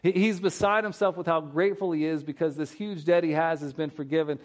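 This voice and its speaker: A man's voice: fairly high pitch, fairly even intonation, a little fast. Earnest conversational male pastor. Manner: conversational, retells scripture with acted-out dialogue; earnest, repeats words as he thinks aloud. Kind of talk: sermon.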